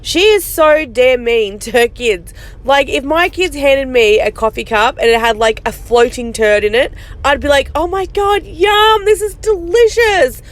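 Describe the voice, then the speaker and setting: A woman's voice: on the high side, moderate pace. A woman hosting a podcast, giving snarky, mocking commentary on a streamer, with some swearing.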